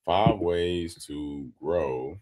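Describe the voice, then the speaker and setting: A man from Detroit co-hosting a relaxed podcast with his wife, easygoing and explaining things in long, loose runs. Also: deep voice, extremely slow, background noise. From Detroit, Michigan. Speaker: podcast co-host. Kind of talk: casual chat.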